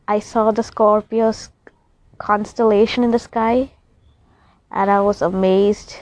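A woman's voice: medium pitch, darkish tone, no room sound. A young woman vlogging in a rambling, chatty, emotional way. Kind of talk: casual chat to camera. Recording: slightly dull recording.

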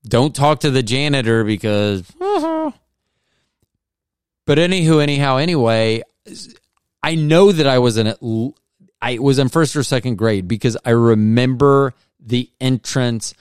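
A man's voice: mid-range voice, normal speed, smooth, dry recording, studio quality. A man hosting a podcast, telling a casual comedic story in a rambling way, often breaking off and restarting his sentences. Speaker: podcast host.

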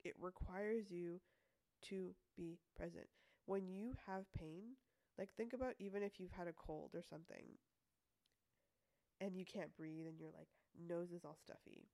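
A woman with a slightly low voice talks casually through a self-help episode. She is chatty, laughs easily and slips into playful quoted voices. The sound is dry and close, with no room around it. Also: moderate pace, gravelly, dark tone, dry recording. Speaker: podcast host.

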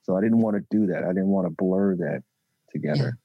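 A man, a relationship coach talking haltingly in a podcast interview. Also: low-pitched, breathy edge, no echo, narrow, tinny audio. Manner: halting, with many restarts and fillers.

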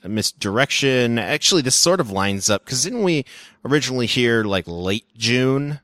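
A man co-hosting a podcast who runs through the show news with quick, joking remarks. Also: mid-range voice, expressive, fairly bright tone, no room sound, clean studio sound. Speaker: podcast co-host. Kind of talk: casual podcast chat.

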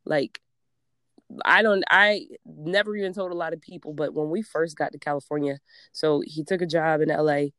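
A woman's voice: low voice, steady tone, moderate pace, a bit bright, dry recording. A young woman from Georgia co-hosting a podcast, speaking in an earnest, motivational way in casual chat. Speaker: podcast co-host.

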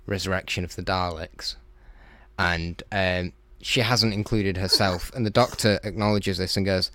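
A man's voice: sits low, steady tone, moderate pace, a bit bright, dry recording. A man trading silly jokes in casual podcast chat, often laughing and trailing off.

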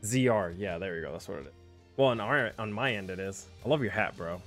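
A man's voice: lowish voice, animated, quick pace, a bit bright, soft background music. A young man hosting a casual livestream, chatty and self-deprecating, with lots of fillers. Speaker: livestream host.

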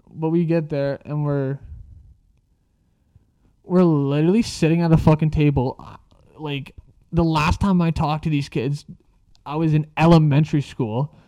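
A man's voice: fairly high pitch, warm tone, no room sound. Rambling, profane young man telling a story. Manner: rambling, profane, filler-heavy. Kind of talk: casual storytime monologue.

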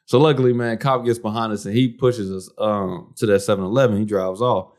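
A man's voice: fairly low pitch, steady tone, fairly quick, darkish tone. A man co-hosting a podcast, telling a story in a laid-back, slangy way, dropping "bro" and "man" into almost every line. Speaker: podcast co-host. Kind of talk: casual storytelling.

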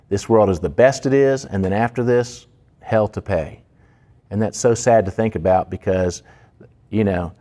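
A man with a low-pitched voice delivers a sermon on Greek word meanings. He talks in a conversational way, full of fillers and questions put to his listeners. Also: mellow. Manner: conversational, with fillers and asides to the congregation. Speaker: pastor.

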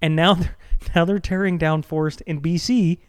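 A man co-hosting a podcast, talking in casual chat with animated, mock-exasperated swearing. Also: a little high, moderate pace, clear, resonant tone. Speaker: podcast co-host.

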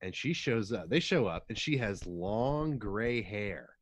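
Man, 30s, podcast co-host, chatty storyteller, animated pitch, dry close sound. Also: a little slow, dry recording. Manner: chatty storyteller, acts out quotes in high voices. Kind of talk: casual chat.

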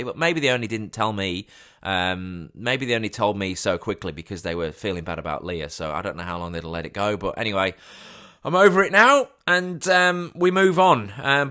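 Podcast guy, lowish voice, rambly casual storytelling, lots of ums, gets loud when excited. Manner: rambling anecdote with many fillers and restarts, rising loud when excited. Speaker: podcast host.

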